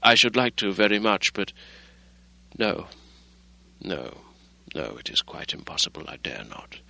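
A man's voice: fairly even intonation, normal speed, pushed and bright, no room sound, poor audio. A man reading the part of a weary, frightened middle-aged doctor who speaks drearily and sighs. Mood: dreary. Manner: dreary, sighing, low.

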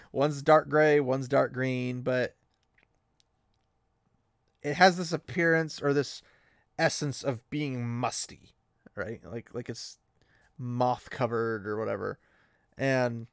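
A man hosting a casual podcast, recapping a book with animated energy and frequent laughs, close to the mic. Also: medium pitch, creaky, no echo. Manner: animated, laughing often, playful. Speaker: podcast host.

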